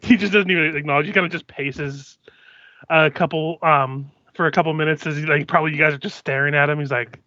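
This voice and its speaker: A man's voice: on the high side, steady tone, quick pace, bright, forceful tone, no echo. A man playing a tabletop role-playing game, describing his character's actions with many fillers, on dull lo-fi audio. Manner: rambling, filler-heavy describing. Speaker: player.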